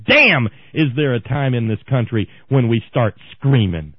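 A man on a talk radio show, tearing into a political rant that swings from low, biting asides to shouted outbursts. His voice comes through thin and phone-like, with no room around it. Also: animated, measured pace, dry recording. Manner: ranting, shouting in bursts, sarcastic. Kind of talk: impassioned political monologue. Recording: tinny phone-like radio sound, dry.

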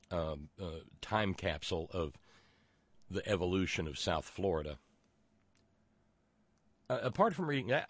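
A man's voice: lowish voice, dry recording. A middle-aged man hosting a political commentary show, sardonic and profane, often stammering and restarting his sentences. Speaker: podcast host.

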